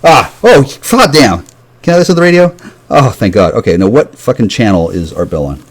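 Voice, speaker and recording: A man's voice: lowish voice, big pitch swings, fast, a little mellow. A man rambling alone to the camera, swearing often, drifting between tangents and trailing off into mumbles. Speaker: vlogger. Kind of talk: rambling solo monologue.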